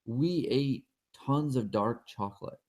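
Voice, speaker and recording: A man as an interview guest, telling stories in a relaxed, animated way. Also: medium pitch, takes it slowly. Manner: relaxed storyteller, animated when quoting. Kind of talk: casual interview storytelling.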